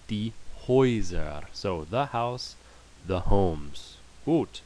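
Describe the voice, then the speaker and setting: Deep voiced guy slowly teaching german vowels over slides, says every word twice, light hiss. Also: lively intonation, warm tone. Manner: slow, patient, repeats words for practice. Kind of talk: screen-share language lesson.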